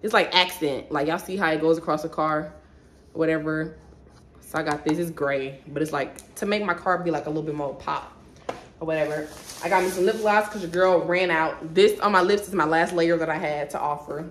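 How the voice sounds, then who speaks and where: A woman's voice: deep voice, brisk. A young woman, chatting casually to viewers about her shopping haul at home. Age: 20s. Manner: chatty, talks straight to viewers, sidetracked. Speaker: vlogger. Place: at home, indoors. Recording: echoey room with faint noise.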